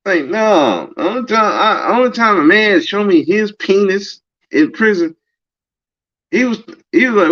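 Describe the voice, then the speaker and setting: A man's voice: high-pitched, a little slow. A man hosting a podcast, talking in a casual, emphatic monologue and acting out the lines of people he quotes. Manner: animated, emphatic, acts out quoted dialogue. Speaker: podcast host. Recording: dull lo-fi recording.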